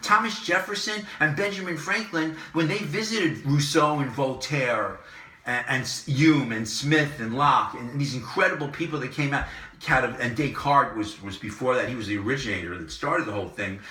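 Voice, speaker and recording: A man hosting his own commentary channel, delivering an impassioned monologue that repeats phrases and swings between loud and soft. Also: medium pitch, moderate pace, reverberant, recorded from a distance. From Southern California. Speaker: online commentary host.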